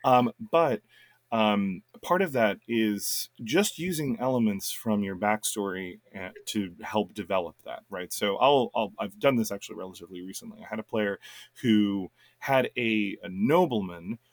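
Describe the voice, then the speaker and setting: A man co-hosting a casual chat about running tabletop games, animated and often restarting his sentences. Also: on the low side, normal speed, no room sound. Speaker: game master and co-host.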